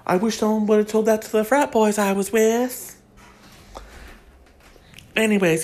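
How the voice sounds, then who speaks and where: A woman from Kentucky with a Kentucky Southern accent, hosting a crude, sassy comedic gossip monologue with drawn-out emphasis. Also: mid-range voice. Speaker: celebrity gossip host.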